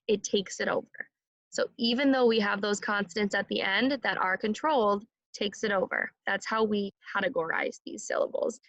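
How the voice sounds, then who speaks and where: A woman teaches phonics to young children, slowly and encouragingly sounding out each word for them to repeat. Her voice sits at a middle pitch with a fairly bright tone. The recording is close and dry with no room sound, though the audio is dull.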